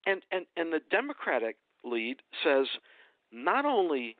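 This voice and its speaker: A man's voice: a little high, huge pitch swings, measured pace, no echo. Indignant man ranting over a phone line. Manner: indignant, emphatic, repeats phrases for effect. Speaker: radio guest commentator. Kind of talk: heated political rant. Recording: dry tinny phone line.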